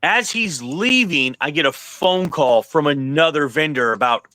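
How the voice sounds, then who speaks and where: A man's voice: fairly high pitch, a little slow, dry recording. A male podcast host telling a story in casual, profane speech, acting out what other people said. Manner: animated, profane, acts out quoted voices. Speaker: podcast host and event promoter.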